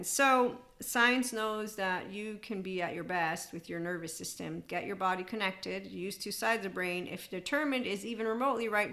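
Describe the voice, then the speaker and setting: A woman hosts her own spiritual self-help podcast, speaking alone to her listeners. Her voice is bright and forward. She rambles from thought to thought with excitable energy and often slips into bits of song and laughter. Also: medium pitch. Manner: rambling, excitable, breaks into sung snippets and laughter. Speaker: podcast host.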